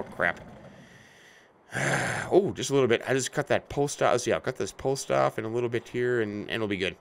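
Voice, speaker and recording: Faint game vehicle sounds run underneath as a middle-aged American man comments casually on a farming game. His medium-pitched voice has a sharp tone, and as a let's play host he jokes and talks to imaginary companions.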